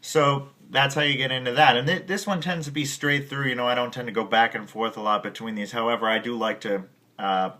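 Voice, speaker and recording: A man's voice: medium pitch, steady tone, fairly quick, pushed and bright. A man giving a casual piano lesson, rambling with many restarts and stopping to scat rhythms. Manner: rambling, many restarts, sings and scats examples. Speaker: piano teacher. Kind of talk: casual music tutorial.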